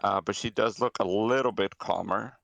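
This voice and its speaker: A man running a tabletop game as game master, narrating in a relaxed way with hesitant fillers and corrections. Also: on the low side, normal speed, creaky, dry recording, highs cut off.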